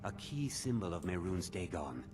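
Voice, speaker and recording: Deep-voiced zealous museum curator, earnest tour-guide lecturing, game music behind. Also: male voice, very animated, moderate pace. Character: zealous male museum curator of cult relics. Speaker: game character.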